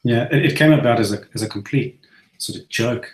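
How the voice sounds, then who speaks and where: A man's voice: medium pitch, a little fast. Easygoing South African man, roomy sound. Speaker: guest modder. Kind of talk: casual chat.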